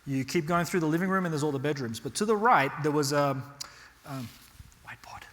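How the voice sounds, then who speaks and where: On the high side and a little fast, an Australian man's voice carries through hall reverb as he presents a real estate workshop to people in the room. He's an animated storyteller who keeps asking "right?".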